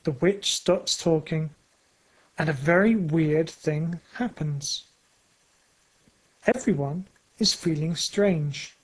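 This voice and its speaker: Storybook narration, very slow, measured, simple sentences, middle pitch.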